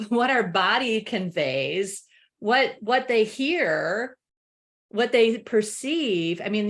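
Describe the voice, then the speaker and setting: A middle-aged woman speaking as a parenting coach in a casual webinar discussion, lively and quick to act out other people's words. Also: a little high. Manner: lively, acts out family members' voices in quotes. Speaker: parenting coach and expert guest.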